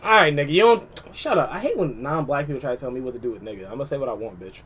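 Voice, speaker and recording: Animated man doing loud reaction commentary. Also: mid-range voice, very fast, slight background noise. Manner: loud, joking, slangy banter. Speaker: streamer reacting to a video.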